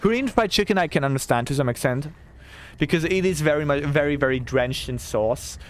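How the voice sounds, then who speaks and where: Excitable young man, slightly high voice. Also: brisk. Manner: excitable ranting, swearing, talking to chat. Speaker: game streamer. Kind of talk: casual live-stream chat while gaming.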